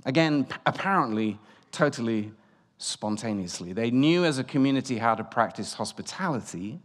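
A man giving a sermon as guest preacher, telling a story and swinging between loud and hushed delivery. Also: medium pitch, expressive, normal speed. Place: church. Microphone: room microphone. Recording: long church reverb.

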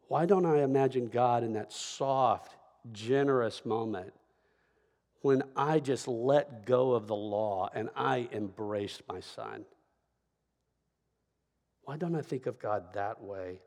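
A middle-aged man delivers a sermon as pastor, in a relaxed, conversational storytelling way. His voice sits in a middle register. It carries the long reverb of a large hall. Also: medium pitch, slow. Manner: conversational storytelling with frequent "right?" asides.

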